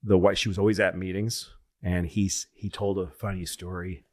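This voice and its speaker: A man's voice: sits low, level tone, moderate pace. A man telling casual, rambling, profane stories and often correcting himself. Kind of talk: casual comedic storytelling.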